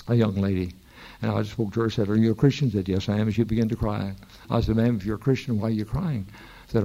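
A man's voice: mid-range voice, vocal fry, warm tone, low-quality recording. An older man preaching a sermon in a church, telling folksy stories that rise into emphatic preaching. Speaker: pastor.

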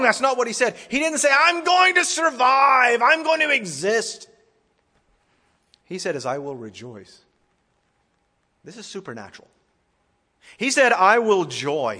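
A pastor preaching a sermon, swinging dramatically from loud declarations to hushed tones. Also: male voice, fairly high pitch. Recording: long reverb of a large hall.

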